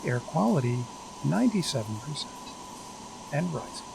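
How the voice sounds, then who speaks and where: A man voicing a monotone spaceship computer that reads out status reports in a flat way. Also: fairly high pitch, normal speed, gravelly, exaggerated voice. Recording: noisy background.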